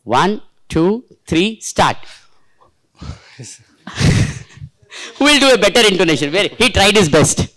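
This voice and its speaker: A man with an Indian accent leading a teachers' workshop, talking in an animated, coaxing way and drawing in the participants, into a handheld mic. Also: high voice, slow, pauses often, no room sound, poor audio. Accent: Indian English. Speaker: teacher trainer. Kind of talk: workshop lecture. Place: training workshop room.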